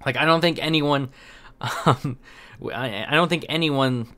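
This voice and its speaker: Bright-voiced young man rambling commentary. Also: a little high, a little slow. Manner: rambling, many fillers and restarts. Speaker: commentary host. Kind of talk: casual opinion commentary.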